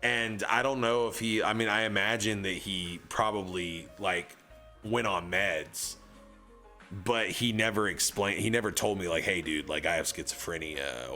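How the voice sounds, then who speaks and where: A man's voice: on the low side, bright, forceful tone. A young man streaming, telling a long personal story in a casual, rambling way, full of fillers and acted-out dialogue.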